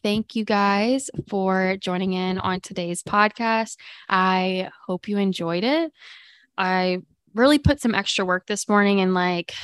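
A woman's voice: mid-range voice, fairly bright tone, clean tone, no echo, studio quality. A woman hosting a live morning podcast, chatting casually and upbeat with viewers, with many fillers. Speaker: livestream podcast host.

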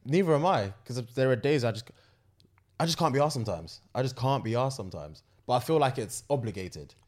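A man's voice: mid-range voice, expressive, a little fast, a little mellow. A young man in casual podcast chat, laid-back, echoing his friend and laughing often. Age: young adult. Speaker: podcast co-host.

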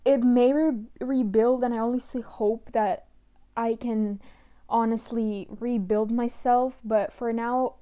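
A young woman speaks in a personal monologue, her somewhat high voice mellow and level in pitch. She talks haltingly and emotionally, and sounds close to tears at times. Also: fairly even intonation.

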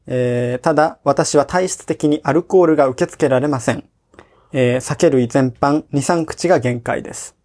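A man co-hosting a casual podcast, laughing often and reading a listener's letter quickly. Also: mid-range voice, darkish tone. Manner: giggly, reads the letter quickly. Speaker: podcast co-host.

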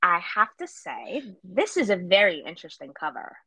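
A woman's voice: fairly low pitch, big pitch swings, normal speed, pushed and bright. Chatty middle-aged woman podcast host. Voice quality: slightly husky, stuffy from a cold. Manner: chatty, laughs easily, self-deprecating. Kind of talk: casual interview chat.

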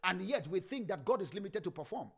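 A male pastor in mid-life delivers a sermon with fervent emphasis, his volume surging and sinking as he repeats phrases. His voice sits high and leaps around energetically. It has a bright, sharp ring and a gravelly fry underneath. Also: sing-song, quick pace.

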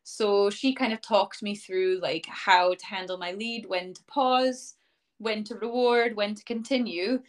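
A young woman chats through a personal story as an interview guest, her pitch sitting in an ordinary middle range. She rambles easily with plenty of fillers and slips into quoting other people mid-sentence, the way friends tell stories. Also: a little slow. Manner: chatty, many fillers like "um" and "like", acts out quoted speech. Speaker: interview guest, dog owner. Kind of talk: casual storytelling in a podcast interview.

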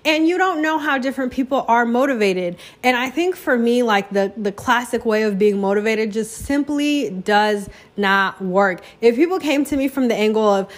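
A woman's voice: on the high side, expressive, moderate pace, few pauses. A young woman hosting a casual solo talk show, chatty and self-deprecating, jumping into exaggerated voices when she quotes people. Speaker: podcast host.

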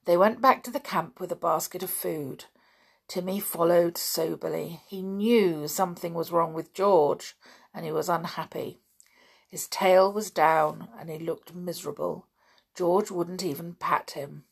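A woman narrating a children's storybook in a measured, expressive way. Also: lowish voice, vocal fry, husky. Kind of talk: storybook reading.

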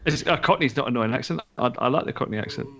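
Halting, good-humoured podcast co-host man. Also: mid-range voice, creaky, crowd noise. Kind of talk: casual chat. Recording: muffled lo-fi audio.

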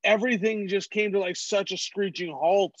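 A comedian from California telling stories as an interview guest. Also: male voice, high-pitched, fairly even intonation, normal speed, no echo, muffled recording. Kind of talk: casual interview chat.

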